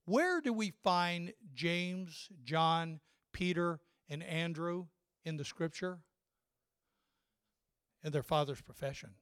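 A man's voice: fairly high pitch, slow, pauses often, fairly bright tone, smooth, no echo, clean studio sound. An older man, a grandfather, preaching a sermon in a storytelling way, often repeating and restarting his words. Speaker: pastor.

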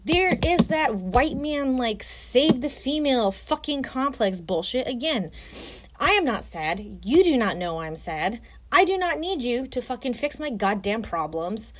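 A woman's voice: on the high side, very animated, measured pace, slight background noise. A young woman delivering an angry personal rant to camera, heated, emphatic and full of swearing. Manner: heated, profane, emphatic ranting.

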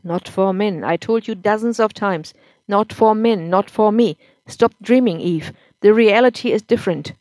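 A woman reading as a drunken, angry husband in a storybook reading, loud, harsh and bitter. The sound is dry and close, with a mid-pitched delivery that has no room echo. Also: moderate pace, lightly acted. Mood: bitter, insistent. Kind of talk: audiobook-style story reading.

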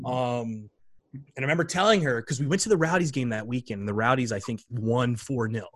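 A man telling a story in a casual chat, animated and full of fillers. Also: mid-range voice, a little fast. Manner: animated, chatty, many fillers.

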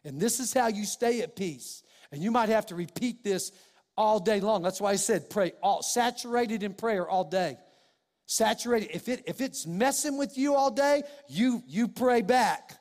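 A man preaching a sermon in a conversational way, dropping quiet and slow, then rising loud and emphatic. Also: high voice, lively intonation, long reverb tail.

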